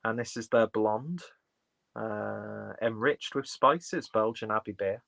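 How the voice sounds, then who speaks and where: A man with a fairly low voice chats in a loose, rambling way, full of fillers and restarts. The sound is close and dry, with little room around it. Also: takes it slowly, vocal fry, fairly bright tone, no room sound. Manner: rambling, filler-heavy, chatty. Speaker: beer vlogger reading live chat. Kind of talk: casual live-stream chat.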